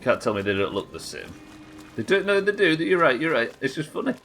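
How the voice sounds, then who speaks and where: A man's voice: fairly high pitch, big pitch swings, a little fast, creaky, fairly bright tone, faint music behind. A young man streaming a pirate game live, chatting with viewers and swearing casually. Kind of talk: live game commentary reading chat.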